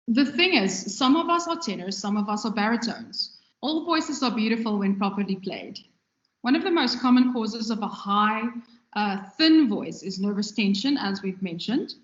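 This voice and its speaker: A woman giving a conversational recorded lecture on radio production, talking with her hands as she goes. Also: medium pitch. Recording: echoey room, dull lo-fi sound.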